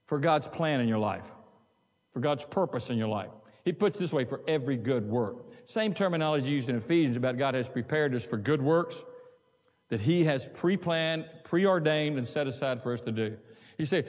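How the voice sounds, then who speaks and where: Folksy high-voiced male preacher. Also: lively intonation, normal speed. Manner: conversational, folksy, repeats phrases and asks the congregation questions. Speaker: pastor. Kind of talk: sermon. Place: church sanctuary. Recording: preached in a church hall with long reverb.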